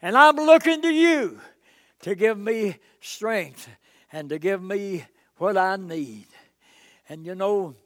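A man preaching a sermon, swelling to loud emphasis between "uh"s. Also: sits high, dry recording, studio quality. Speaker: pastor.

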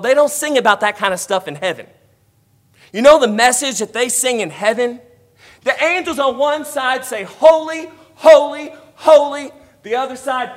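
A high-pitched male preacher delivering a sermon. He builds to forceful, emphatic declarations, then falls back to quiet, conversational asides.

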